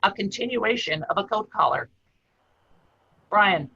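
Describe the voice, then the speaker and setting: A man hosting a trivia quiz over a video call, reading clues in a brisk, matter-of-fact way. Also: high-pitched, lively intonation, creaky, pushed and bright, breathy edge. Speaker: quiz host. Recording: slightly muffled video call audio.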